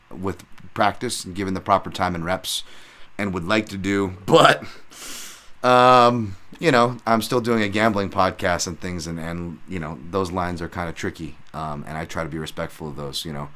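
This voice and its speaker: Low-voiced rambling male podcast host. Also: moderate pace. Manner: rambling and animated, many fillers, acts out excited shouts when retelling. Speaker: podcast host and MMA analyst. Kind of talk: casual solo podcast recap.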